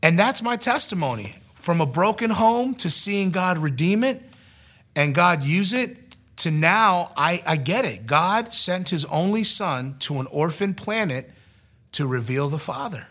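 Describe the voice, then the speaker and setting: Fairly high-pitched middle-aged man, former youth pastor, personal testimony, animated storytelling, quotes people in their own voices. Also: unhurried.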